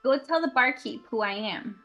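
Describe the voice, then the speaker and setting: A woman's voice: on the high side, expressive, moderate pace, pushed and bright, soft background music. A woman playing her character in a tabletop game, blunt and impatient in a casual way. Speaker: player. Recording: dull lo-fi mic.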